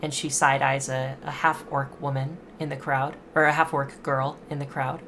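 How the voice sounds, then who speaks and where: A woman narrating a tabletop game as game master, describing scenes in a halting way with many fillers as she searches for words. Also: rumbling low, little pitch movement, a bit bright, a little hiss or hum.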